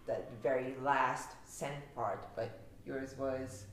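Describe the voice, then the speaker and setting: A woman's voice: a bass voice, steady tone, takes it slowly, slight background noise. A young woman from Osaka with a Japanese accent, teaching pronunciation in a casual lesson and laughing often. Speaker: language teacher. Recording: very echoey room.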